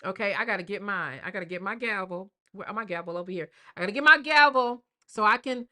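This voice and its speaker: An older woman, a grandmother, hosts a casual live stream, speaking fast with a medium-pitched, expressive voice and a bright, forceful tone. She's talkative and slangy, calling her viewers "y'all" and "baby."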